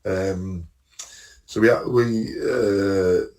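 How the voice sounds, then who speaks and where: Low-voiced rambling man. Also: fairly even intonation, very slow, darkish tone, recorded from a distance. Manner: rambling, storytelling, laughs at his own jokes. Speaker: podcast co-host. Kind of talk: casual chat, travel anecdotes.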